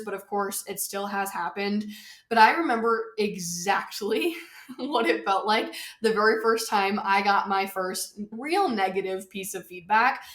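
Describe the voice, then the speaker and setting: A woman's voice: medium pitch, fairly bright tone, echoey room. A woman hosting her own podcast in a home office, chatting casually and a little out of breath, stressing her points by repeating them. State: slightly out of breath. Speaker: podcast host. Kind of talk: casual solo podcast talk.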